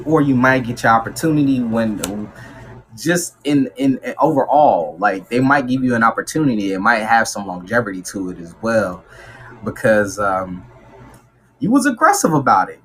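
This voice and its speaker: A man talks through a tarot reading in a loose, slangy way, acting out what people might say. His voice sits at a middle pitch but moves a great deal. There is a faint hiss of noise behind him. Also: normal speed, low-quality recording. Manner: slangy and animated, acts out quotes. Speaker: tarot reader. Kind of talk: casual tarot reading monologue.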